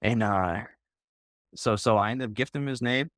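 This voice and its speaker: A man's voice: medium pitch, moderate pace, fairly bright tone, dry recording, clean studio sound. A man, a guest on a group voice call, telling a story in a casual, rambling way, leaning on "like" and "bro" and restarting his sentences. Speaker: interview guest.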